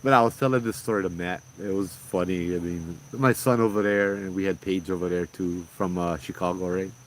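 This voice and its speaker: Laid-back Hawaiian Pidgin man, low voice. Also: brisk, a little hiss or hum. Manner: laid-back storytelling, animated quoted voices, laughs often. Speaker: podcast host. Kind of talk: casual chat.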